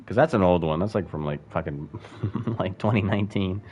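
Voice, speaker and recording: A man's voice: deep voice, normal speed, a little mellow, a little hiss or hum. A young man streaming a space game, rambling and swearing casually, bursting into yelps and laughs. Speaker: gaming streamer. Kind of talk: casual gameplay commentary.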